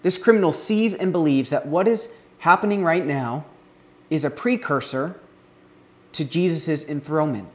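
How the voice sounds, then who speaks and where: A man preaching an expository sermon, earnest, building emphasis on key words and pausing to restart now and then. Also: on the high side.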